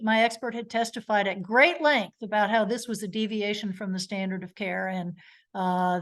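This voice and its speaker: A middle-aged woman lawyer lectures in a live webinar at a mid pitch. She tells stories and slips into the voices of witnesses and lawyers to act out courtroom exchanges. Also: a bit bright. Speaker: trial lawyer giving a legal education talk.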